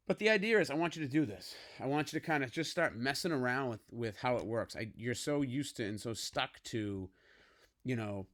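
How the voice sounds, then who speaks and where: A man's voice: mid-range voice, a bit bright. A man teaching a typography class activity, talking casually and checking in with "okay?" as he works through an example on screen. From United States. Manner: casual, coaxing, frequent "okay?" check-ins. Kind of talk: screen-recorded classroom tutorial.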